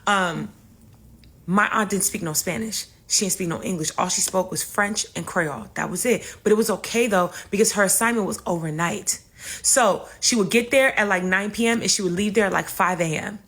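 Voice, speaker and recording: Speaking at normal speed with a medium pitch, a young woman addresses her audience directly while telling a funny story in a loose, lively, foul-mouthed way.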